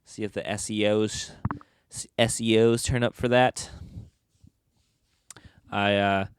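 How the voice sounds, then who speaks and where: A man's voice: lowish voice, little pitch movement, slow pace, clean tone, no echo. A young man hosting a solo podcast from his bedroom, talking into a microphone in a joking, rambling, self-mocking way. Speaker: podcast host. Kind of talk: casual solo podcast chat. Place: bedroom at home.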